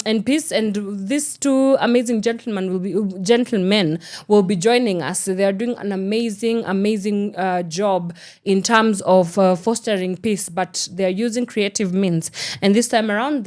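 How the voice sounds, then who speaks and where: A woman with a Kenyan accent hosts a morning radio show from a radio studio, chatting casually and sprinkling in Swahili phrases. Her voice is medium in pitch and a little mellow.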